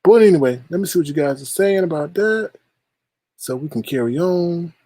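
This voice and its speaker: A man's voice: on the high side, expressive, normal speed, warm tone, no room sound. A man hosting a livestream, teasing and shady as he reads viewer chat aloud and gives gossip commentary. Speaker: livestream host reading chat.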